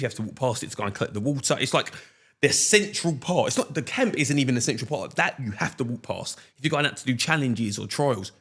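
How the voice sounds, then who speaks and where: A young man, a podcast guest telling stories in casual chat, slangy and animated, laughing often. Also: medium pitch.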